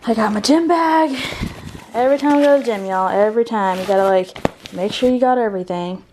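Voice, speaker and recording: A woman's voice: a little high, fast talker, a little mellow, slight background noise. A young woman vlogging in a casual, rambling chat to the camera, filling her talk with "like". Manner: chatty, rambling, fills with "like". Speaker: family vlogger.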